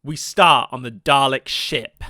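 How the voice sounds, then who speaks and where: A man's voice: mid-range voice, a little slow, pushed and bright, dry recording, studio quality. A young man giving scripted commentary, breaking off into wry, jokey asides. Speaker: video essayist.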